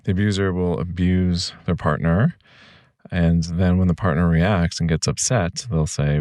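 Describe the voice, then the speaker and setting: A man's voice: deep voice, fairly even intonation, measured pace, a little mellow, dry recording, clean studio sound. A man hosting a reflective podcast monologue, speaking earnestly and reassuringly straight to the listener. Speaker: podcast host.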